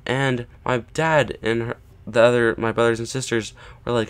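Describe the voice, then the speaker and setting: A man with a smooth, clean voice at an ordinary middle pitch tells a story in a chatty, casual way. He keeps checking in with his listeners and plays out the quoted lines with lively emphasis. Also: moderate pace. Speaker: vlogger.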